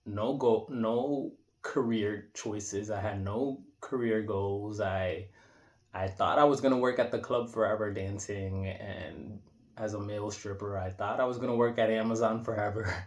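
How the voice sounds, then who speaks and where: A man's voice: on the low side, steady tone, unhurried. A man in his thirties talking casually and reflectively in an unscripted monologue, rambling with many restarts and fillers. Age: 30s. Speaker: vlogger. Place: indoor room.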